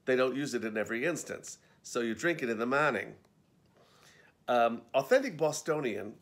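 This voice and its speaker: Wry man narrating his own memoir. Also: medium pitch. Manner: wry, conversational storytelling.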